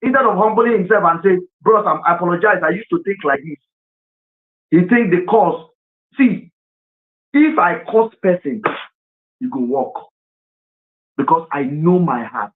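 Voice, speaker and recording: Nigerian male live-stream host, high-pitched, earnest, heard through a phone-like line. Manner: earnest and impassioned, mixes in Pidgin. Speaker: livestream host. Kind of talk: emotional live-stream talk. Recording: tinny phone-line sound.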